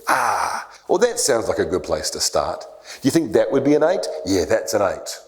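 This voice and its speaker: Lively low-voiced man teaching leaders. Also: normal speed, gravelly. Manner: animated storyteller acting out quoted voices. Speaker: church leader teaching discipleship. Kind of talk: church leadership talk.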